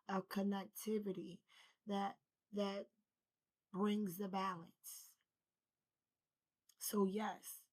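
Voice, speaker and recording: A woman's voice: medium pitch, darkish tone, low-quality recording. A woman feeling unwell, talking loosely and conversationally to her viewers about spiritual balance, rambling and calling them y'all. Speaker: spiritual vlogger. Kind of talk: casual spiritual talk to camera.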